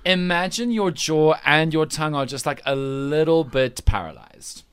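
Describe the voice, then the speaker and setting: Teasing radio host. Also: male voice, a little high, very noisy. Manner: teasing and lively, quick asides. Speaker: radio breakfast show host. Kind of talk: radio breakfast show chat.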